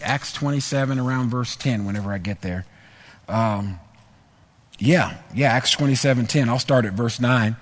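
A man's voice: mid-range voice, moderate pace. A male pastor preaching a sermon, telling a personal story in a conversational way, then repeating phrases and building to emphatic exhortation. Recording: long hall reverb.

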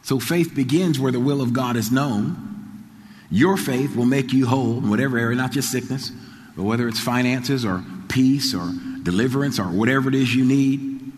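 A man's voice: mid-range voice, normal speed, long reverb tail. A man preaching a sermon, telling a story with many repeats and stammers. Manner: repeats phrases, stammers, builds to excited shouting. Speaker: pastor.

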